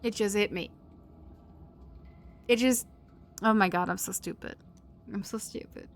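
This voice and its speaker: A woman's voice: mid-range voice, a little slow, faint music behind. A woman live streamer chatting casually with her viewers while gaming, giggly and chatty as she thanks them and reacts to chat.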